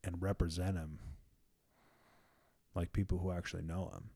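A man's voice: deep voice, little pitch movement, normal speed, creaky, warm tone, slightly rough. A young man in a casual faith conversation, earnest and emphatic, often repeating words as he builds a point.

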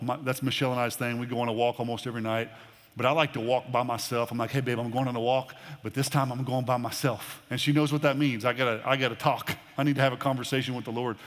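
A male pastor with a medium-pitched, fairly bright voice delivers a sermon under a long reverb tail. His tone is earnest and conversational, with words frequently repeated at the start of phrases.

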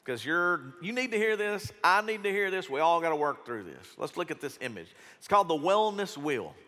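Lively fifty-something pastor preaching. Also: male voice, a little high, a little fast. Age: 50s. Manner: conversational, acts out quotes, direct. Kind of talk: sermon. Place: church hall. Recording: echoey church hall.

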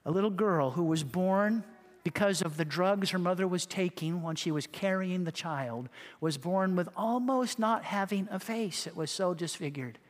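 A man's voice: high voice, normal speed, in a large hall. A male pastor preaching a fervent sermon, with emphatic repetition and acted-out quotes.

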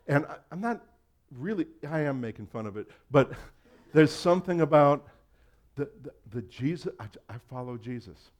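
A middle-aged man preaches with easy humor and jokes at his own expense. His voice sits at an ordinary pitch, dropping to quiet asides and then jumping up loud for emphasis. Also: normal speed. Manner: humorous, self-deprecating storytelling; animated, swings between quiet asides and loud bursts. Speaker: pastor. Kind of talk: sermon.

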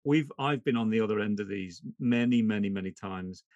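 A man's voice: lowish voice, fairly quick, darkish tone, no echo, highs cut off. A man hosting a casual conversation, chatty and full of fillers. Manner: chatty, uses lots of fillers. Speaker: podcast host, former police officer.

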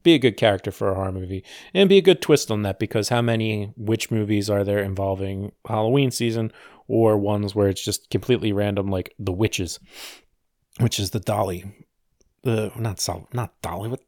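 A man's voice: lowish voice, moderate pace, darkish tone, no echo, studio quality. A man hosting a podcast alone, chatting casually with wry, rambling, sarcastic asides. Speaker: podcast host. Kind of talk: casual solo podcast chat.

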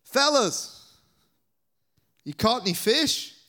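A man's voice: very high-pitched, animated, slow pace, bright, forceful tone, pitched above the performer's own voice, full character voice. A man with a Southern US accent voicing Jesus as a friendly figure calling out to his fishermen friends in a cheerful, teasing way.

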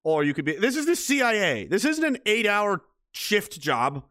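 Male commentator, high voice, sarcastic and profane, rambling mock-boss rant. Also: big pitch swings, moderate pace, bright, forceful tone. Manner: rambling with frequent restarts and fillers.

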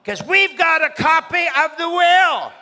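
A man's voice: very high voice, measured pace, noisy background. A man preaching a sermon, acting out short scenes in different voices. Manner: animated, acts out little scenes with voices. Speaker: pastor.

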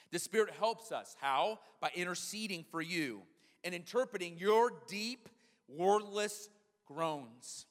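A man in his thirties preaching a sermon as a pastor, in a conversational, animated storytelling manner. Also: on the high side, normal speed, in a large hall. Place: church sanctuary.

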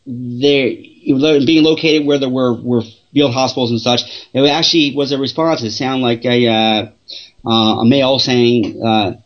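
A man answers interview questions about his investigations, stopping and restarting his sentences and filling the gaps with "uh" and "you know." His voice sits at an everyday middle pitch. The audio is dull and lo-fi. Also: steady tone. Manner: halting, many restarts and fillers. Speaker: paranormal investigator guest. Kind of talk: casual interview storytelling.

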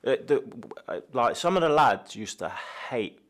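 A man who used to play football, telling stories in relaxed podcast chat with lots of fillers. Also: medium pitch, moderate pace. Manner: relaxed storytelling with many fillers. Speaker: former footballer, guest.

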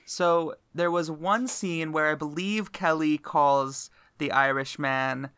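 A man's voice: on the high side, slow, sharp tone, smooth. A young man co-hosting a podcast, telling stories in a dry, wry way. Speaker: podcast co-host. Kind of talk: casual chat.

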